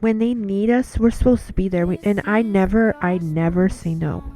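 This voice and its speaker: A woman's voice: medium pitch, moderate pace, mellow, faint music behind. A woman giving an earnest devotional talk in a casual monologue, telling stories and repeating words as she goes.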